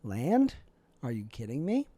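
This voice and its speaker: A young man delivering a rambling, deadpan comedic monologue with absurd asides, as a vlogger. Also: mid-range voice, unhurried, no echo.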